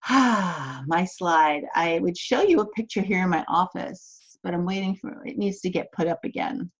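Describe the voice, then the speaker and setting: A woman's voice: lowish voice, normal speed, slightly rough, lo-fi sound. A woman, a business coach, teaching an online course in a chatty, encouraging way from her office, acting out the thoughts she quotes.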